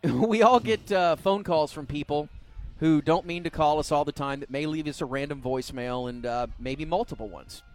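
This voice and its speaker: A man's voice: on the high side, moderate pace, few pauses. A man hosting a radio talk show, chatting casually and laughing often as he tells a story. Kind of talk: casual chat.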